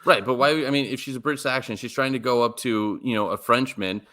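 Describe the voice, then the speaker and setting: A man's voice: medium pitch, fairly quick, sharp tone, slight background noise. A man co-hosting a sports podcast, talking in a rambling, emphatic way with many fillers and restarts. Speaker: podcast co-host. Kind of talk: casual sports podcast chat.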